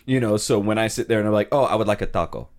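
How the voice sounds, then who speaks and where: A man's voice: on the low side, rapid-fire. A man from California co-hosting a casual podcast, telling stories with lots of "and whatnot" and acted-out quotes. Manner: animated storyteller, lots of "and whatnot", acts out quotes. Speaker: podcast co-host. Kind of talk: casual chat.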